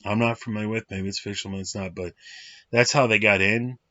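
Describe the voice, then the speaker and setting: A man's voice: lowish voice, fairly even intonation, brisk, bright, forceful tone, no room sound. A man in his late thirties giving an enthusiastic, rambling film review with many fillers. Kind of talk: casual film review monologue. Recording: dry, slightly muffled lo-fi recording.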